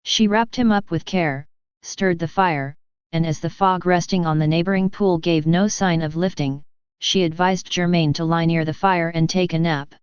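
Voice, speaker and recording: A woman narrates a classic novel in calm, measured scripted narration. Her voice sits a little low and is very smooth and clear. The recording is dry and a touch muffled. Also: no room sound. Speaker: audiobook narrator.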